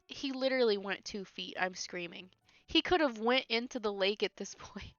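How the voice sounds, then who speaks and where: A woman's voice: mid-range voice, normal speed, fairly bright tone, dry recording. A woman streamer giving casual gameplay commentary, laughing often and making sarcastic, teasing remarks. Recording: dull lo-fi stream audio with faint game music.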